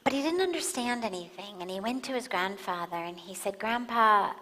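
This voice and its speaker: Calm woman teaching in a reverberant hall. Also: mid-range voice. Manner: calm, measured, pausing for emphasis. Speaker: spiritual teacher. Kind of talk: spiritual talk with storytelling. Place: large satsang hall.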